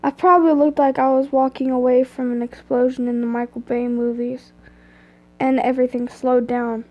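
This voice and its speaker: A young woman with a cold reads a story aloud, clearing her throat and breaking off into casual chatter between passages. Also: high voice, level tone, moderate pace, dull audio. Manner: chatty asides that break off the reading. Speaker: fan fiction reader. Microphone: phone screen recording.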